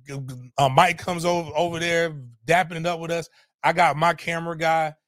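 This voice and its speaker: Man in his middle years, podcast storyteller, profane and animated, a bit high-pitched, dry close mic. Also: a little fast, no echo. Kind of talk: casual storytelling.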